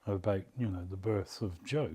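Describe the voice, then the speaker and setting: A middle-aged father recalling the past in a documentary interview, speaking slowly and hesitantly, with frequent pauses and fillers. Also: sits low, warm tone, breathy edge.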